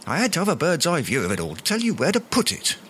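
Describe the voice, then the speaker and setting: A man's voice: on the high side, huge pitch swings, fast, a bit bright, slight background noise. An actor playing a pompous, self-important Englishman in a radio sitcom, speaking in flowery words. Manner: grandiloquent, long-winded, flowery words.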